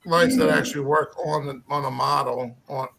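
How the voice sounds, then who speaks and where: A man chatting casually on a live stream in a rambling, relaxed way. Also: on the high side, normal speed, gravelly, crowd noise, low-quality recording.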